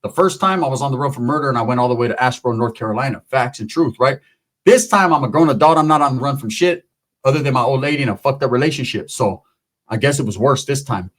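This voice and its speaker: A man's voice: medium pitch, fast, a bit bright. A man telling a long, profane, rambling story in casual talk, acting out the other people in it.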